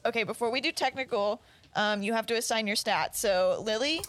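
A woman running a tabletop game as game master, narrating in a casual, joking way. She drops quick asides between the descriptions of the scene. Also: a little high, a bit bright.

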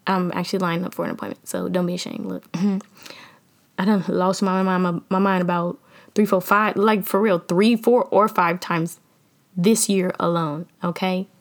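A woman hosting a podcast, giving casual motivational talk in a lively, slangy, preachy way and laughing often. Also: on the low side, moderate pace, gravelly. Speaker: podcast host.

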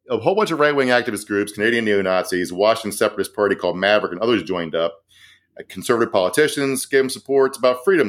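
Fast-talking, profane male co-host. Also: fairly low pitch, a bit bright. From American South. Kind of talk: casual comedic news chat.

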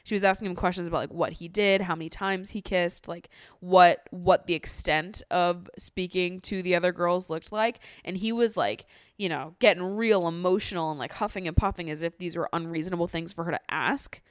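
A young woman vlogging a reality-show recap in casual chat, blunt and exasperated, swearing freely and talking in fast bursts. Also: lowish voice, steady tone, smooth, dry recording, studio quality.

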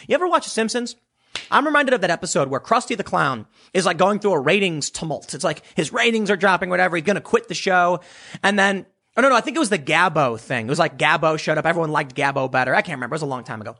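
A man's voice: high-pitched, fairly bright tone. A man delivering an opinionated commentary monologue, sarcastic and mocking, slipping into impressions of others. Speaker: political commentator.

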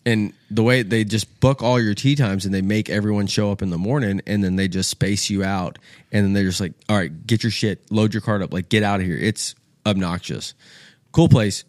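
A young man with a lowish voice tells a rambling story, loose and profane, jumping into the voices of the people in it. The sound is close and dry, with no room around it. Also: moderate pace, no room sound. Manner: animated, swears freely, acts out quoted voices. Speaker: podcast guest. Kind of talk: casual storytelling.

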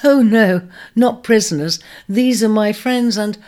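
A woman's voice: mid-range voice, measured pace, mellow, pitched above the performer's own voice, lightly acted. A woman voicing a self-assured male ram returning to lead his clan, speaking in a raised, emphatic way. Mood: exultant.

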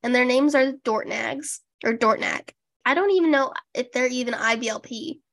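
A woman's voice: on the high side, moderate pace, creaky. A young woman co-hosting a podcast in casual chat, wry and sarcastic, swearing casually. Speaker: podcast co-host.

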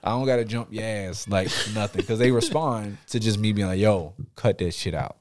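A man's voice: lowish voice, normal speed, a little mellow. A young adult man hosting a casual podcast chat, telling profane stories and acting out quotes with lots of laughter. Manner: profane, laughing storyteller who acts out quotes. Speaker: podcast host.

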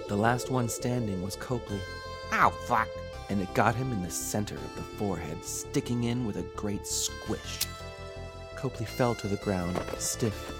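A man narrates a horror-comedy tale with theatrical relish. His voice sits low but rises and falls expressively. Clear music plays under his reading. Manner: theatrical, relishing dark comic details. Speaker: horror podcast host and narrator. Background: background music.

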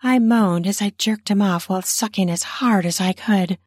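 A woman narrating an erotic story in the first person, soft and breathy, sometimes dropping to a whisper. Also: mid-range voice, normal speed, no echo, studio quality.

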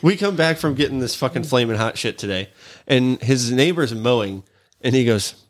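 A man's voice: medium pitch, lively intonation, moderate pace. A young man chatting casually with friends, cursing freely and laughing as he explains things. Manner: profane, laughing storyteller. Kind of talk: casual chat.

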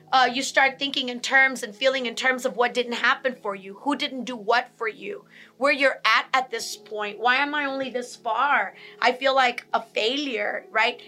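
A woman with a high, bright voice gives a teaching talk on emotions. She repeats her key points and briefly acts out angry and sad examples. Faint music plays behind her. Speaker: speaker on emotional health.

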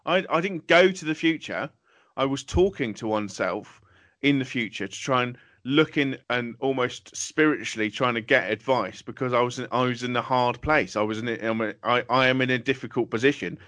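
A man rants his way through comedy podcast banter, exasperated and swearing often. His voice is bright and forceful, recorded dry and close with no room sound. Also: mid-range voice, normal speed, no echo. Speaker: podcast co-host.

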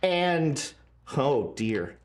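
A woman narrating a tabletop horror game as game master, talking in quick asides. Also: extremely low pitch, sing-song, a little mellow, slight background noise. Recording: echoey room.

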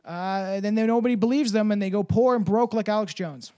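A man's voice: high-pitched, fairly quick, mellow, clear, resonant tone. A man hosting a casual podcast, rambling and swearing freely, laughing often between thoughts. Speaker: podcast host.

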